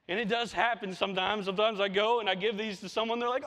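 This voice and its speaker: High-voiced man preaching in a reverberant church hall. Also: fairly even intonation, fast talker, few pauses, fairly bright tone. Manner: impassioned, repeats words when stressing a point. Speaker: pastor. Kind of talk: sermon. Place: church sanctuary.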